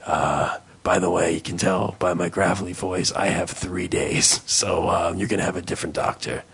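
A man putting on the voice of a grave, gravelly male doctor who delivers bad news in a slow, somber, deadpan way. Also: low-pitched, voice pushed down, exaggerated voice.

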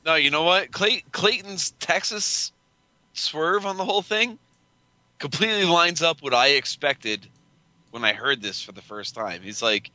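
A man's voice: on the high side, lively intonation, measured pace, bright, forceful tone, dry recording, rough recording. A man co-hosting a podcast, dropping wry, playful remarks in casual chat.

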